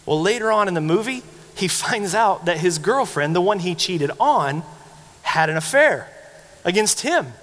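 A man delivers a sermon with a high, bright-toned voice that carries a long reverb, as if filling a large sanctuary. He tells stories animatedly, acting out quoted lines. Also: lively intonation, moderate pace. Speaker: pastor.

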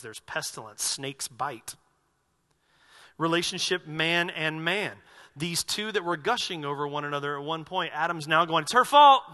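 A man preaching a sermon as pastor of his church, animated and acting out quoted voices. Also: high-pitched.

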